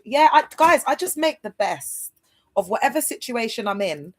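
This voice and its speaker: A woman's voice: on the high side, sing-song, moderate pace. This is a woman talking live to her viewers from home. Her chat is loose and rambling, and she keeps breaking off to address the audience directly. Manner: rambling, chatty, talks straight to viewers. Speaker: livestream host. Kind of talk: casual livestream chat to viewers.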